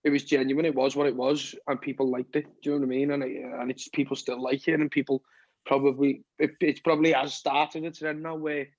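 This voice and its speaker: A Scouse musician from Liverpool, England, in his twenties, guests on a podcast with a medium-pitched, level, brisk voice. He rambles loosely, swears often, and keeps saying "you know what I mean." The recording is dull, dry, and lo-fi.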